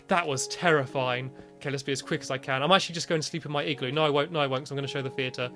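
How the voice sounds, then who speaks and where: A young British man chatting casually as he plays and shows off his builds, turning shrill and panicky when danger appears. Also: fast talker, fairly bright tone. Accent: British English. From Britain. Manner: chatty, breaks into high panicked yelps. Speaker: gaming video creator. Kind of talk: casual game commentary. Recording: faint music behind.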